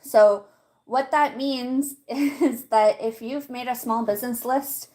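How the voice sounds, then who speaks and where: A woman's voice: a little high, slow pace. A woman hosting a live stream from home, walking viewers through a website in a chatty way and laughing often as she talks to her chat. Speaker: livestream host. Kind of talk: casual livestream walkthrough.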